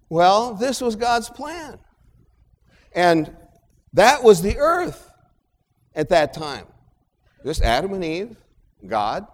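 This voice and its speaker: A man preaching a sermon slowly and emphatically, repeating key phrases like a chant. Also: high voice, darkish tone. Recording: long hall reverb.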